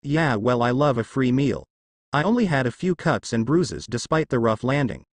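A man gives voice to a cheerful, clumsy teenage girl ninja who talks in a casual, easygoing way. Lively pitch, close and dry sound. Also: normal speed, no echo, natural voice.

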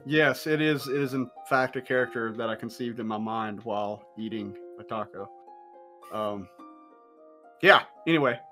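A man's voice: mid-range voice, moderate pace, over music. A man introducing himself as a player on a game stream, goofy and playful. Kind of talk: casual stream chat.

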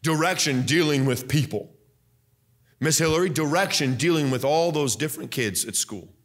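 A young man preaching a fiery Baptist sermon, loud and emphatic, repeating scripture lines and swinging from soft asides up to high, excited preaching. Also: normal speed. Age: young adult. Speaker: pastor.

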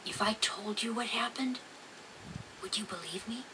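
A woman voicing a grieving young boy in a video game cutscene, frightened but insistent, often speaking in a hushed, half-whispered way. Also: on the high side, normal speed, far from the mic, noisy background, lightly acted. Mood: shaken.

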